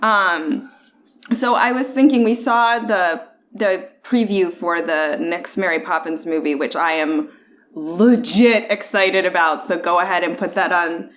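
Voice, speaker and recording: A woman's voice: lowish voice, unhurried, fairly bright tone. A young adult woman hosting a casual podcast chat, playfully contrarian and full of "like" fillers. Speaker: podcast host.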